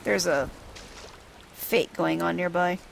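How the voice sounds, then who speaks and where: A woman's voice: fairly low pitch, steady tone, slow pace, vocal fry. A woman giving casual, wry commentary while playing a video game, amused by what happens. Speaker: gamer. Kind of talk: casual let's-play commentary.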